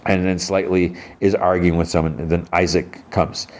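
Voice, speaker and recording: A man's voice: sits low, little pitch movement, normal speed. A man hosting a podcast, casually recapping a TV episode and retelling scenes with characters' lines. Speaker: podcast host.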